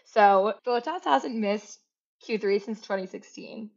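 A young woman co-hosting a casual chat, informative and quick with lively asides. Her voice sits in a middle register, and the audio is a bit dull and muffled. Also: mid-range voice, gravelly. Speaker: podcast co-host. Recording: dull lo-fi sound.

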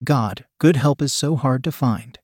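A man reading a story aloud in a steady, even narration. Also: medium pitch, measured pace, slightly rough, no echo, studio quality. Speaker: story reader.

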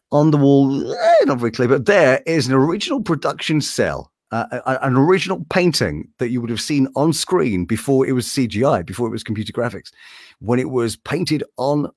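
A man's voice: medium pitch, no room sound, clean studio sound. A man who works as a voice actor, talking casually in an interview in a room hung with animation art. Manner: animated, slips between impressions.

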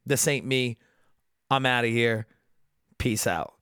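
A man's voice: medium pitch, slow pace, a bit bright, smooth, no echo, clean studio sound. A man putting on a frightened male fighter who swears and announces he is quitting. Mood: panicky. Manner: profane, panicky. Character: scared short male fighter, bailing out.

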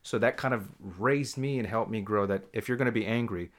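A man chatting casually, telling lively stories and acting out what others said. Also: lowish voice, fairly quick. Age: adult with stepdaughter. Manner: animated storyteller, acts out quotes. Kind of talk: casual chat.

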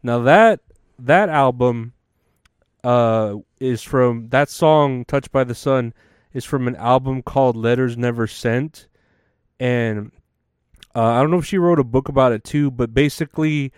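A man's voice: mid-range voice, darkish tone, clean tone, no echo, studio quality. A man hosting a comedic news monologue, rambling and crude with plenty of fillers and restarts. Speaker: comedy show host.

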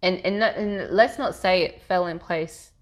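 A woman, a therapist talking openly as a podcast guest, animated and laughing often. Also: fairly low pitch, normal speed. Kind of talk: casual podcast interview.

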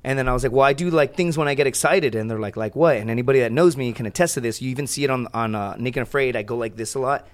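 Guest storyteller, man, rapid-fire, profane, mid pitch. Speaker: guest, reality show contestant. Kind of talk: casual podcast chat.

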